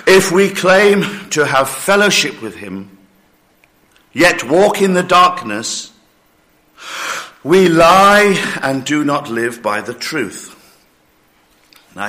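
Slow, emphatic male preacher, breathless. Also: medium pitch, bright, forceful tone. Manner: slow, emphatic preaching with acted-out listener objections. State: short of breath, coughing. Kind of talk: sermon.

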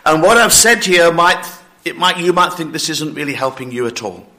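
A man preaching a sermon with slow, emphatic delivery, short of breath and coughing now and then, voicing his listeners' doubts. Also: on the high side, bright, forceful tone.

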